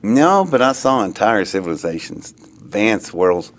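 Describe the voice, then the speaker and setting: A man being interviewed, telling a long story in a rambling, excitable way that often trails off and starts again. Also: lowish voice, moderate pace, a little hiss or hum. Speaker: interviewee recounting an experience.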